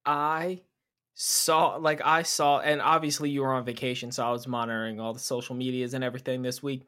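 A playful man co-hosting a gaming podcast, chatting casually. He keeps a middle pitch and a light, joking manner. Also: little pitch movement, a little fast, fairly bright tone.

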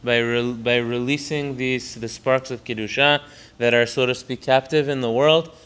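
Smooth-voiced man teaching a text. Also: steady tone, normal speed, a bit bright. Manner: explains a text line by line, restarting phrases; rises in pitch and volume to stress key points. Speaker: Torah teacher. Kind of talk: text study lesson.

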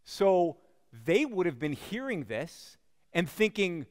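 A man's voice: high voice, sing-song, slow pace, in a large hall. A man preaching a sermon as a pastor, telling the story in a conversational way with frequent asides to the congregation.

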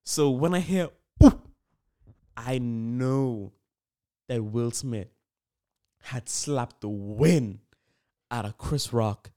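A man hosting a casual solo podcast, rambling and animated with lots of fillers, hyping things up. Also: medium pitch, slow pace, long pauses. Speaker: podcast host.

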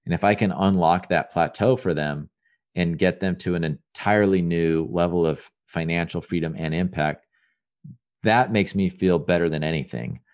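With a low, darkish voice at a normal speed, a man in his thirties talks as an entrepreneur guest on a casual podcast. His earnest, upbeat rambling is full of false starts and repeated words.

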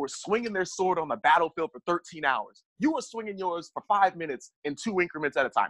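A man talking as a guest in a casual chat about fights, excitable, laughing, using lots of slang. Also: fairly high pitch, fast talker, hardly any pauses, dry recording. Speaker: podcast guest.

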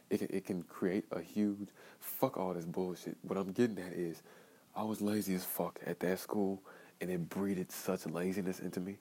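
A young man from Georgia hosting a solo podcast, talking in a profane, rambling, emotionally raw way that swings from muttering to loud outbursts. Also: low voice, breathy edge, low-quality recording. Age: young adult. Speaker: podcast host.

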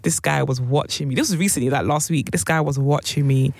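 A woman's voice: low voice, quick pace, gravelly, darkish tone, slightly rough, dry recording. A young woman, chatting casually as a podcast co-host, telling stories animatedly with bursts of laughter. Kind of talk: casual chat.

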